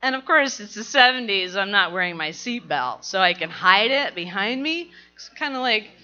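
A middle-aged woman telling a personal story to an audience, animated and laughing as she goes. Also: medium pitch, moderate pace, highs cut off.

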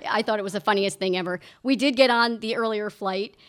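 A woman's voice: mid-range voice, brisk. A woman telling her side of a funny story, amused and laughing as she tells it. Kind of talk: personal storytelling.

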